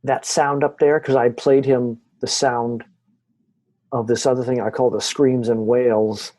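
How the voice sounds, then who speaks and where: Guest storyteller, husky and dark-toned, animated, voices every quote. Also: mid-range voice, measured pace, dry recording. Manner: animated, acts out quoted voices, frequent restarts. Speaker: guest telling haunting stories. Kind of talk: conversational storytelling interview.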